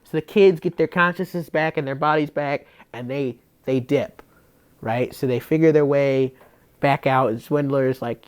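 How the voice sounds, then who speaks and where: A man's voice: medium pitch, moderate pace, clear, resonant tone. A man hosting a comedy podcast, casually recapping a story in a rambling way, full of fillers and restarts. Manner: rambling, filler-heavy, self-interrupting. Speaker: podcast host.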